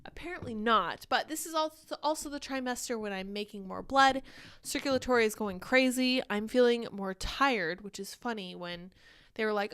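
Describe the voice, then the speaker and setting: A chatty young woman hosts a live stream, talking casually and reading out viewer comments. Her voice sits a bit high and comes through smooth and clean. She sounds slightly short of breath. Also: a little fast. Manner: chatty, animated, reads viewer comments aloud. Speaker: livestream show host.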